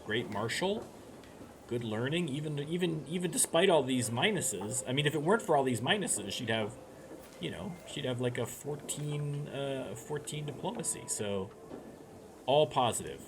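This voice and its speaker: A man's voice: mid-range voice, animated, normal speed. A man talking through a strategy game as he plays, thinking aloud in a chatty way with many restarts. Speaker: let's play streamer. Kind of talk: gameplay commentary. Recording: noise behind the voice.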